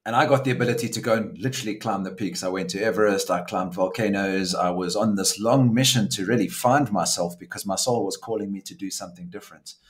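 Earnest, low-voiced South African man. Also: fast talker, few pauses. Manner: earnest, searching, with frequent restarts. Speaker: podcast host. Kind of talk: reflective conversational interview.

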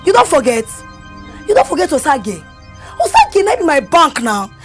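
An actress playing a boastful young woman who brags loudly in sing-song Nigerian Pidgin English in a Nollywood home-video drama. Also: sits high, big pitch swings, normal speed, music in the background. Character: boastful young woman bragging about her admission letter. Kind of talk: Nollywood film acting.

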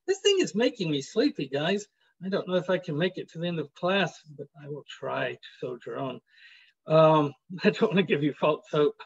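A man's voice: high-pitched, lively intonation, moderate pace, husky, highs cut off. A male professor giving a chatty, joking university lecture in a classroom, with many fillers.

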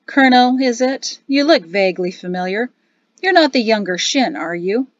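A woman's voice: a little high, lively intonation, moderate pace, no echo, muffled recording, natural voice. A woman voicing a bored, condescending older doorman who intones his words, in a storybook reading. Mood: bored haughty.

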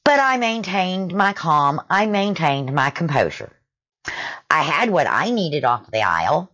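A woman telling a retail story in an animated, conversational way. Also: sits low, a little slow.

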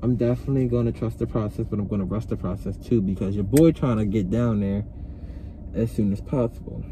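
Parked outside his job, a young male vlogger talks casually into his phone, chatty, emotional, and quick to laugh at himself. His voice is fairly low and mellow, and he speaks fairly quickly. Slight background noise is present.

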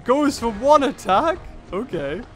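A man's voice: extremely high pitch, sing-song, takes it slowly, a bit bright, faint music behind. A young man commentating on a mobile game he is playing, thinking aloud through each move and exclaiming at big hits. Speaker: gaming channel host. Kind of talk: let's play commentary.

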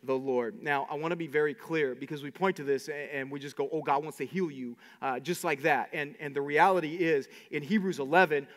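Energetic high-voiced preacher in a hall. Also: male voice. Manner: animated preaching with many repeated words and asides. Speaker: pastor. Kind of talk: sermon.

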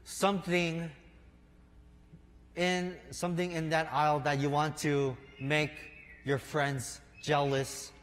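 A man preaching a sermon in an unhurried storytelling way, speaking to listeners as his friends. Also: a little high, flat delivery, fairly bright tone. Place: church sanctuary. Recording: long reverb of a large hall.

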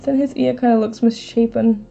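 A woman with a fairly high voice chats casually on a live stream, thinking aloud and talking back to her viewers. The audio is a bit dull, with soft music playing underneath. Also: steady tone, normal speed, vocal fry. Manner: chatty, thinks aloud, answers chat. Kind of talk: casual live-stream chat while crafting.

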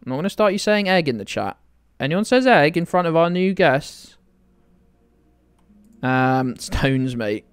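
British man, streamer, slightly high voice, dry close sound, playfully indignant, chatty. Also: very animated, a little slow, smooth, no echo. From United Kingdom. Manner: playfully indignant, teasing his chat. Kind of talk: live game stream chat.

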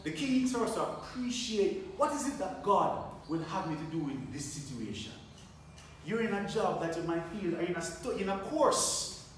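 High-voiced preacher in an echoey hall. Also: male voice, animated, normal speed, a little hiss or hum. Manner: repetitive, rhetorical questions, call-and-response. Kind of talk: sermon. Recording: very echoey, from a distance.

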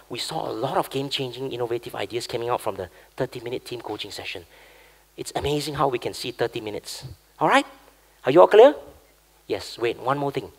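A man's voice: medium pitch, breathy edge. A man leading a live coaching workshop, talking energetically and checking in with the group again and again. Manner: energetic, keeps asking "okay?". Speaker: workshop facilitator.

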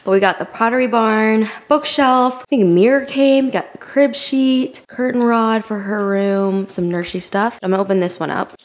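A young adult woman chatting at home in a casual vlog, gushing excitedly and filling her talk with fillers. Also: a little high, normal speed, hardly any pauses. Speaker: vlogger. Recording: roomy echo, faint noise.

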